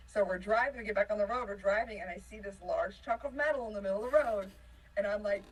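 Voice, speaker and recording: A woman from a touring band telling an animated story in a casual interview, laughing often and swinging between excitement and panic. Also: medium pitch, fast, slightly rough, recorded from a distance, rough recording. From United States. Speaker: band member.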